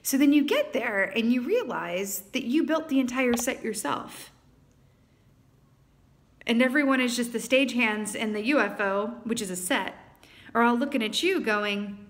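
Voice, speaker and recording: A woman giving a casual tarot reading to camera, animated and quick to exclaim, acting out quoted lines. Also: on the high side. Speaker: tarot reader.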